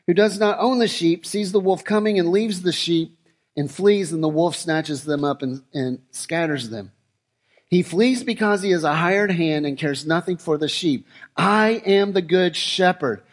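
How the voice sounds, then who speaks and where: A middle-aged man preaching a sermon, shifting from relaxed storytelling to slow, emphatic declarations. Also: sits high. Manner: conversational storytelling that builds to emphatic, slowed declarations. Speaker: pastor.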